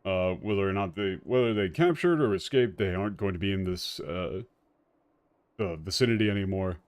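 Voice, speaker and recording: A man streaming a game, talking casually and ranting in an animated way with frequent restarts. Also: low voice, moderate pace, no room sound. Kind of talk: casual commentary while playing.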